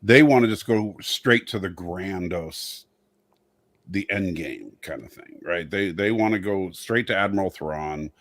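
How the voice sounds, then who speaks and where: A man's voice: deep voice, unhurried, a bit bright. A man in casual discussion, talking eagerly and thinking aloud with lots of fillers.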